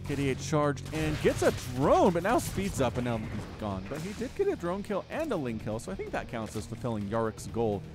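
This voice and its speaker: Male esports caster, solo play-by-play, animated pitch, rambling and self-mocking, music bed underneath. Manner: chatty, rambling, self-deprecating jokes. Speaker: game commentator.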